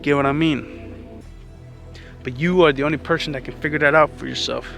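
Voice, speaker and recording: A vlogger with a fairly high, fairly bright, creaky voice gives earnest, casual motivational advice at a normal speed with fairly even intonation, faint music behind him. Slightly out of breath, he talks like a friend and keeps calling the listener "man."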